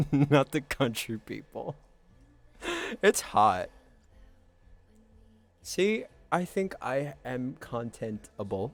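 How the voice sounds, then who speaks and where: A man's voice: mid-range voice, sing-song, drawn-out words, long pauses. A man hosting a live stream, joking and riffing with his chat in a playful, goofy way. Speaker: livestream host.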